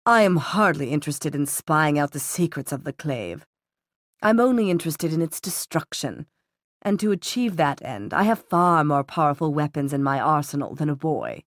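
A woman voicing a ruthless middle-aged male villain who speaks in a calm, cutting, measured way. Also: deep voice, dry recording, clean studio sound. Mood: cold disdain.

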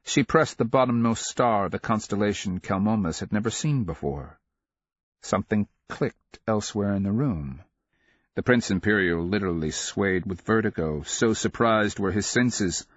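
A man narrating a fantasy audiobook in a measured, dramatic storytelling manner. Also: lowish voice, no room sound, muffled recording.

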